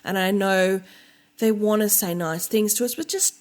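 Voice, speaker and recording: A woman's voice: medium pitch, normal speed, a little mellow. A woman co-hosting a podcast, ranting in casual chat, swearing freely and often restarting her sentences. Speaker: podcast co-host.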